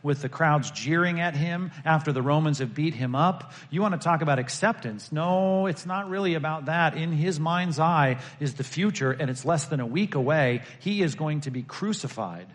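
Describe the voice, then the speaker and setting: With a fairly high, expressive voice, the male preacher keeps a normal pace and rarely pauses. He speaks conversationally to the congregation, rising to emphatic peaks and dropping to hushed lines.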